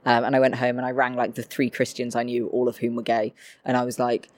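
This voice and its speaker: A man, a podcast guest telling a long personal story in an animated, swearing, self-mocking way. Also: mid-range voice, fast, no room sound. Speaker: interview guest. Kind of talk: storytelling in conversation.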